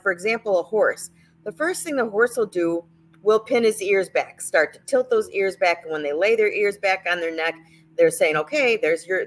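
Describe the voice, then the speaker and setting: A middle-aged woman with a somewhat low voice gives caregiving tips. She talks in a loose, conversational way, restarting sentences and leaning on fillers as she tells stories. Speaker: nurse advocate host. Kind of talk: casual educational talk.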